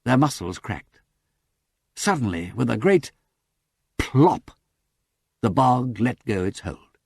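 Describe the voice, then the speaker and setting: A man reading a novel aloud as an audiobook narrator, with dramatic, lively narration. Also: medium pitch, slow pace, gravelly, breathy edge, no echo, clean studio sound. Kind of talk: scripted narration.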